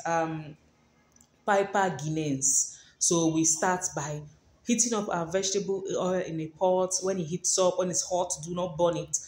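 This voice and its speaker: A woman's voice: lowish voice, a little mellow. A woman hosting a cooking video. She chats playfully and talks straight to her viewers while she cooks. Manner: chatty and playful, addresses viewers directly. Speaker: cooking channel host. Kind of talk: cooking demonstration vlog. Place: home kitchen. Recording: echoey kitchen room.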